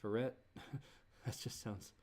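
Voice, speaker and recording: A man thinking aloud while he composes, muttering in halting restarts and groaning at himself. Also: mid-range voice, steady tone, darkish tone. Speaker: creator working on a song.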